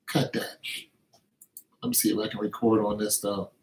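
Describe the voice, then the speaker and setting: A man's voice: on the low side, flat delivery, moderate pace. Playful man streaming in an echoey room. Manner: playful, mutters to himself while working music software. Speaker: livestream host. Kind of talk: casual livestream chat while making music. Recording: roomy echo with faint music.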